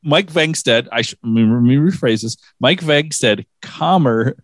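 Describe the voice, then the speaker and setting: A man's voice: mid-range voice, normal speed, no echo. A man co-hosting a podcast, arguing a silly point in playful mock-serious banter. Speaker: podcast co-host.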